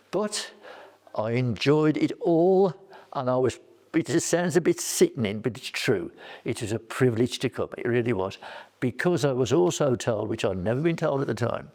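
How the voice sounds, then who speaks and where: A man's voice: medium pitch, sing-song, moderate pace, a little mellow. An older man, a former college staff member reminiscing in an interview and telling chatty anecdotes.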